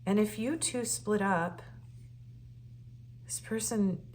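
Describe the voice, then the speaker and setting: A woman giving a casual, earnest and emotional tarot reading, often pausing on fillers and restarting her sentences. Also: mid-range voice, a little mellow, slight background noise. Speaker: tarot reader.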